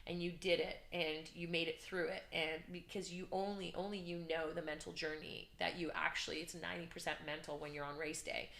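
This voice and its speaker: A woman guest telling her story in an interview, animated and earnest, acting out shouts and her own inner voice. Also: fairly low pitch, fairly quick, creaky, few pauses, roomy sound. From Canada. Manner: emotional, earnest. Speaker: podcast guest, business coach.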